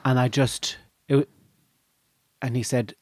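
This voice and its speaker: An Irish man telling a rambling, exaggerated comic story in casual chat, deadpan in manner. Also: medium pitch, measured pace, no room sound.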